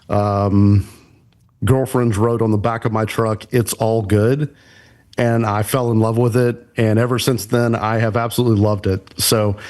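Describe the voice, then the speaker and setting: A man's voice: fairly low pitch, a little mellow. A middle-aged man, a church production pastor and podcast guest, telling easygoing stories and politely answering with "sir". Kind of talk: casual podcast interview.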